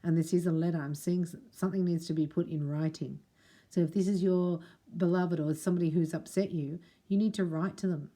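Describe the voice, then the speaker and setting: Mellow low-voiced woman giving a spiritual reading. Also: fairly even intonation, fairly quick. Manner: chatty, addresses the viewer directly, reads prayers aloud. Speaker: spiritual reader and Reiki teacher. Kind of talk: casual reading to camera.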